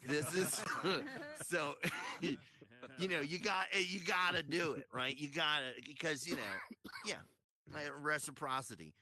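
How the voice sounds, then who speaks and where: A man's voice: a little high, fairly even intonation, measured pace, bright, forceful tone, dry recording. Rambling man hosting a comedy show. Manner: rambling, laughing at his own stories. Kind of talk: stand-up comedy.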